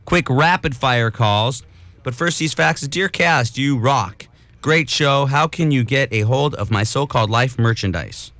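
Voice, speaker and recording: A man hosting a late-night radio call-in show, joking and teasing callers in a rapid-fire manner. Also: medium pitch, a bit bright, dry recording. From New York. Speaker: radio host.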